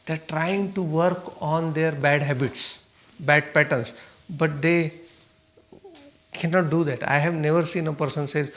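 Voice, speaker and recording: A man with a somewhat high-pitched voice leads a meditation class in a spiritual talk. He puts questions to the listeners and answers them himself, repeating his points patiently. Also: measured pace, creaky, long pauses, a bit bright. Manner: repeats himself and checks "okay?". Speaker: meditation teacher.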